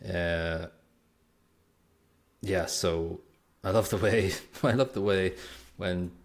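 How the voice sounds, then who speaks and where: A man's voice: low voice, steady tone, slow. A man co-hosting a podcast, recapping a film in casual chat with dry, rambling remarks. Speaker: podcast co-host.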